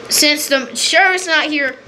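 A woman giving casual, rambling game commentary, excitable and repeating her pleas over and over. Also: sits high, a little slow, a little hiss or hum. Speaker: gameplay commentator.

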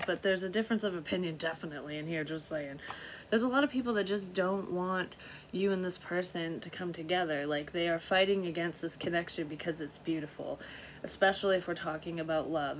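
In a rambling, casual tarot reading, a middle-aged woman swears freely and chuckles at herself. Her voice sits on the low side, and there's slight background noise.

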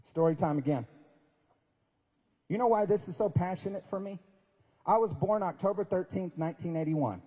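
A man's voice: sits high, moderate pace, long pauses, warm tone. A man in his forties giving an inspirational talk at a prayer breakfast, telling stories conversationally and acting out quoted lines with emphasis. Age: 40s. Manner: storytelling, acts out quoted dialogue, conversational and emphatic. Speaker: speaker. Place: large event hall. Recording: long reverb of a large hall.

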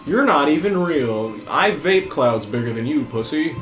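A man doing let's play commentary on a horror game, crude and trash-talking, swinging from low mutters to panicked screaming. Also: animated, a little slow. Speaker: gameplay commentator. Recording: roomy sound with game music behind.

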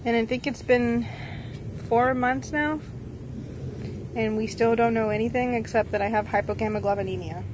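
A woman talks casually to her vlog viewers. She is out of breath, and her fairly high voice comes in halting stretches as she loses her words and starts sentences over. Faint noise sits under the recording. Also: fairly even intonation. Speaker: vlogger. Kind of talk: casual vlog talking to camera.

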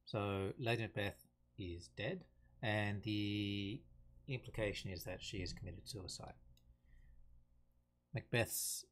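A man giving an unhurried, thoughtful lesson on a play, reading quotations aloud plainly. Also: on the low side. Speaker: teacher explaining a play. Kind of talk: casual explanatory lesson.

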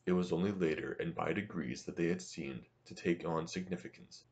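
A man narrating a novel as an audiobook in a steady, measured reading. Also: low-pitched.

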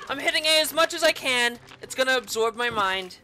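Shrill, furious gamer woman. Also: animated, a little fast, few pauses, faint music behind. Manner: furious yelling and constant swearing at the game; sarcastic asides between outbursts. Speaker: gaming channel host. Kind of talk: gameplay commentary.

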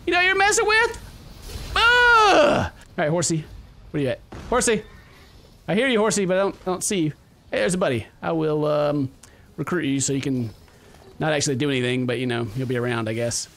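A young man commentating his gameplay, goofy and excitable, talking back to the characters on screen. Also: on the high side, fairly quick. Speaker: gaming video host. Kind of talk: game commentary.

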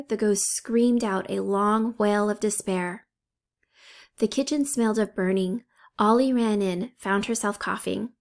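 A woman reading a children's novel aloud as narrator, giving the characters' lines light, modest voicing. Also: medium pitch. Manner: steady unhurried reading with lightly acted dialogue. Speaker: audiobook reader. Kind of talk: storybook narration.

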